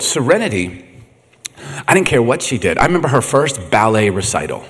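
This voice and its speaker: Middle-aged male pastor, lively swooping delivery, laughs often, echoey hall. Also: medium pitch, fairly quick, husky. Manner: animated, laughing, acts out quotes. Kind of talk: humorous sermon storytelling.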